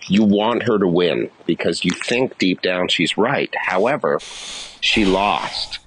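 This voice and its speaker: Deadpan comic in his forties, bright edge. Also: low voice, slight background noise, poor audio. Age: 40s. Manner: dry, deadpan, quick retorts. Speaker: comedian guest. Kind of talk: comedy podcast chat.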